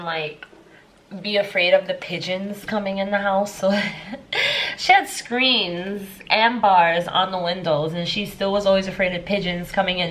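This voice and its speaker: Emotional and at times tearful, a woman in her thirties who works as a life coach rambles through a personal story in a casual vlog, using lots of fillers. Her medium-pitched voice is a bit bright, with slight background noise in a low-quality recording.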